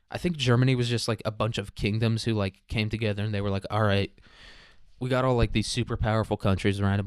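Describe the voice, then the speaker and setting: Low-voiced dude rambling crude jokes on his history podcast, super dry mic. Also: dry recording. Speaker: podcast host. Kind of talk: casual history podcast monologue.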